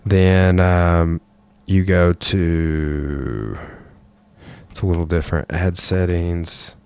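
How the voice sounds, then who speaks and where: A man's voice: low-pitched, extremely slow, gravelly, a little mellow, smooth, no room sound. A man hosting a podcast, talking in a loose, rambling way with plenty of swearing. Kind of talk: casual chat.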